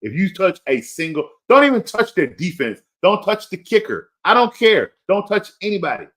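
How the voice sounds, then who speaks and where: With a high, slightly bright voice that swings widely in pitch, this man runs a fantasy football show at a moderate pace. He rants informally, urging a listener again and again to take his warnings seriously, all while teasing himself and laughing.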